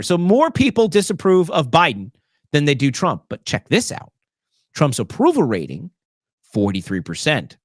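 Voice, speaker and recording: A man hosting a political talk show, his pitch swinging widely as he jokes and jabs sarcastically. He often stops on fillers. The sound is dry and close. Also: normal speed, slightly rough, no room sound. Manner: animated, sarcastic, many fillers. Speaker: show host. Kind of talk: casual political commentary.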